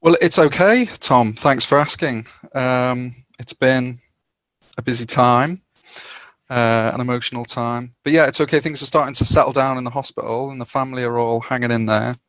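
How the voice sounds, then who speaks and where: A middle-aged male physician answers questions on a podcast, thinking aloud with small hesitations. His mid-pitched voice is recorded dry and close, with no room sound. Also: fairly bright tone, no room sound. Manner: hesitant, measured, with fillers. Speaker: hospital doctor, guest. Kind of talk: casual podcast conversation.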